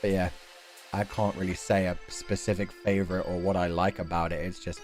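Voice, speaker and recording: A young British man hosting a relaxed stream chat, reading viewer donations, laughing often and swearing casually. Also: fairly low pitch, fairly quick, faint music behind. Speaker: streamer host.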